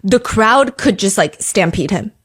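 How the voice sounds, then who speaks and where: A woman's voice: medium pitch, animated, measured pace, breathy edge. A woman in her thirties hosting a podcast, telling a story in casual chat and acting out quotes in shifting voices. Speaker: podcast host.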